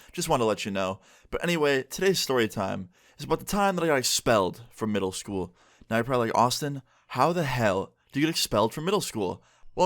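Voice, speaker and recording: A young man telling a personal story in a casual storytime vlog, chatty and conversational. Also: medium pitch. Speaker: YouTuber and streamer.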